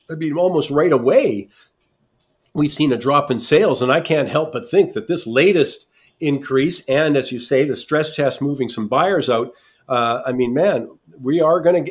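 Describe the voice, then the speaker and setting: A man hosting a radio talk show, chatty and emphatic, thinking aloud as he interviews guests. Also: a little high.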